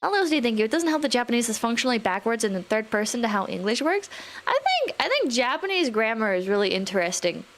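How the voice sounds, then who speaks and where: A woman's voice: a little high, a bit bright. A young adult woman streaming live, rambling casually, swearing now and then, and reading out chat messages.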